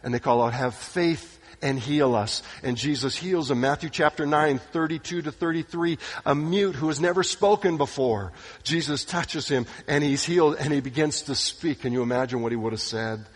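A man delivering a dramatic sermon, acting out quoted voices and sinking into hushed tones. His voice sits slightly high and sounds a little husky. It rings out with a long reverb in a big hall. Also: a little fast. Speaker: pastor.

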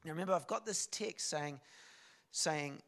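A man, a guest preacher telling a story in a sermon, animated and swinging from soft to loud. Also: a little high, normal speed, gravelly.

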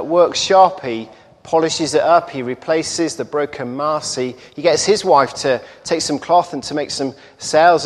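A man preaching, telling a parable in an unhurried storytelling manner with small repetitions. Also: medium pitch. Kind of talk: sermon storytelling. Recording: echoey hall reverb.

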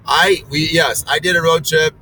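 A man's voice: fairly high pitch, fairly even intonation, normal speed, sharp tone, far from the mic, slight background noise, rough recording. A middle-aged man telling a long story in casual chat, rambling with fillers and restarts.

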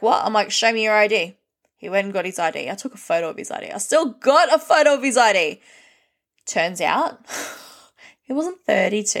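Blunt, swearing Australian woman telling stories. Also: medium pitch. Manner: blunt, heavy swearing, lively retelling with quoted dialogue. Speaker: podcast host. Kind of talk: casual storytelling monologue.

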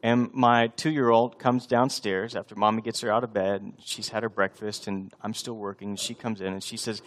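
A man's voice: lowish voice, fairly even intonation, fairly quick. A male pastor in his thirties preaching a sermon, conversational and often building to emphatic repetition.

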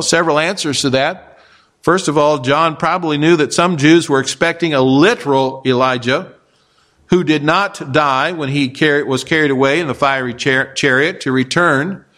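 A pastor preaching a sermon, explaining scripture with rhetorical questions and occasional fillers. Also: male voice, medium pitch, a bit bright. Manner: expository preaching with rhetorical questions and acted quotes; frequent fillers and restarts.

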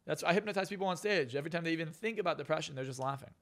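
A man's voice: fairly high pitch, very fast, fairly bright tone. A man who is a hypnotist and coach, guest on a podcast interview, talking bluntly and profanely with lots of emphasis.

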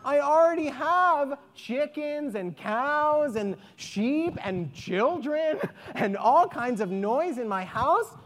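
A woman's voice: sits high, expressive, takes it slowly, pitched above the performer's own voice. A woman voicing an exasperated village woman who pleads and complains about her noisy house, as part of a story told aloud. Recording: echoey hall.

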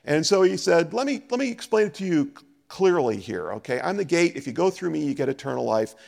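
A man preaching a sermon as a pastor, animated and acting out scripture dialogue. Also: on the high side, a little fast, creaky, long reverb tail.

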